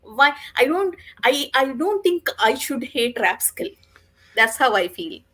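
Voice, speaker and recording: Emphatic, fairly high-voiced woman. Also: big pitch swings, measured pace, bright, forceful tone, low-quality recording. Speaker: book club member. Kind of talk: casual book discussion.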